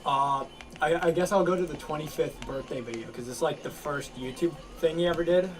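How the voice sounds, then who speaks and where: A man casually telling a long story to friends, rambling and halting with lots of fillers and restarts. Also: fairly high pitch, music in the background. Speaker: lore storyteller among friends. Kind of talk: casual chat.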